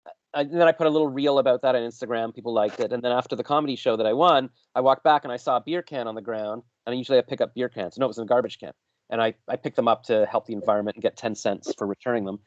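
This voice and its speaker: A man's voice: medium pitch, dry recording. Rambling man host, dull dry sound. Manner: rambling, self-interrupting storyteller. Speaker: podcast host. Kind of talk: rambling interview chat.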